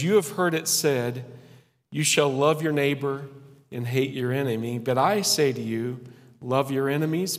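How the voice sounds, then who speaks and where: A man preaches a sermon in a church sanctuary, earnest and folksy, pausing between phrases and laughing at himself. His voice sits in an ordinary middle register. The sound carries the long reverb of a large hall. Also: medium pitch.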